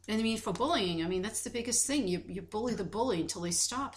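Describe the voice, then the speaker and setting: A woman's voice: mid-range voice, fast, hardly any pauses. A woman co-hosting a podcast in casual chat, telling stories animatedly and acting out quoted dialogue. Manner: animated storytelling, acts out quoted dialogue, many restarts. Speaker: podcast co-host.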